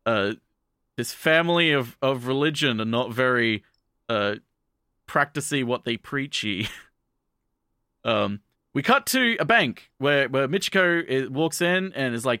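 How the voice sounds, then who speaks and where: A man's voice: mid-range voice, lively intonation, unhurried, pushed and bright, clean tone, dry recording, studio quality. A man co-hosting a podcast, retelling an anime episode in a rambling, profane, casual way. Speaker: podcast co-host.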